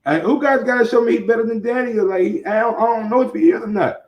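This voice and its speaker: A man's voice: very high voice, quick pace, darkish tone. A man hosting a casual boxing talk show, talking loosely with many restarts and profanity. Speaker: show host.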